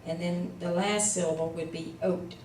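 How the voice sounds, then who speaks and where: A woman's voice: lowish voice, fairly even intonation, moderate pace, darkish tone, a little hiss or hum. A woman teaching a class, patient and a little tired, coaxing students along with frequent fillers. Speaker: Hebrew teacher. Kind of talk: slow, patient classroom instruction. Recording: echoey room, distant mic.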